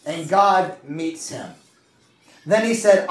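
A man's voice: high-pitched, lively intonation, moderate pace. A man preaching a sermon in a church with passion, calling for responses from the congregation. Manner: impassioned, call-and-response preaching. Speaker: pastor. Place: church sanctuary. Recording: echoey room from far off.

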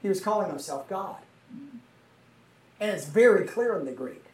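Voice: mid-range voice, expressive, moderate pace, slight background noise. A conversational Bible teacher reads scripture aloud and explains it to the group, often turning statements into questions for the listeners. The recording is roomy and echoey. The voice comes from some distance away from the microphone. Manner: checks in with listeners using tag questions. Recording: roomy, mic far from the speaker.

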